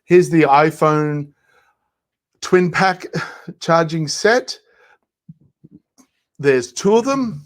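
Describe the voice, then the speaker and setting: A man's voice: fairly high pitch, animated, extremely slow, long pauses, rough recording. A man hosting a live shopping show, walking through each product's features step by step. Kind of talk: product demonstration.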